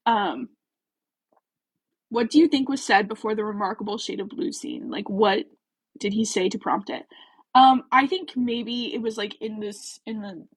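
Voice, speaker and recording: A woman's voice: mid-range voice, husky, rough recording. A woman hosting a casual book-chat livestream, rambling and giggly, filling her talk with "like" and "um.". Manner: chatty, rambling, lots of "like" and "um"; giggly, self-deprecating.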